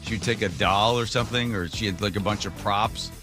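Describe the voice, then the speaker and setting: A man hosting a talk radio show in a studio, chatting casually and telling stories, acting out quotes in a high voice and laughing often. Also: a little fast, music in the background. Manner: animated storyteller, acts out quotes in a high voice, laughs a lot. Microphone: studio microphone.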